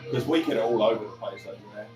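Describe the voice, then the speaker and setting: A man's voice: fairly low pitch, rapid-fire. Dry-humoured man, distant echoey mic. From east of England. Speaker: livestream co-host. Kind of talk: casual livestream chat. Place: home living room. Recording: roomy, distant mic, music behind. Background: music playing.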